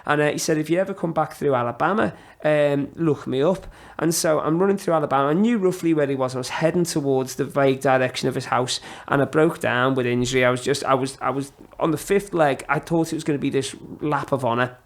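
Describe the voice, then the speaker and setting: A middle-aged man chats as a podcast guest, his voice sitting a little high for a man. He spins long, rambling anecdotes, breaking them up with fillers and putting on the voices of the people in them. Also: fast talker, few pauses. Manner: rambling, animated anecdotes with many fillers and laughs. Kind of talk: casual storytelling chat.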